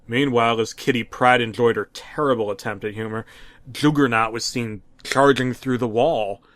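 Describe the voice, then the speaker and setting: A man narrating a mock-serious horror story with a dramatic, deadpan delivery and occasional restarts. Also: mid-range voice, moderate pace, dry recording. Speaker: creepypasta narrator.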